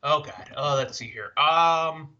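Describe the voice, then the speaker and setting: A man's voice: a little high, slow, sharp tone. A man co-hosting a casual chat, hesitant and repeating himself, exclaiming often. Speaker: podcast co-host. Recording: dull lo-fi recording.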